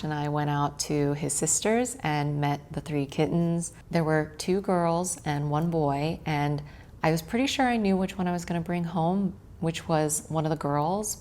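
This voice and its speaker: A woman vlogger narrating a voice-over in a gentle, relaxed way. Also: sits low.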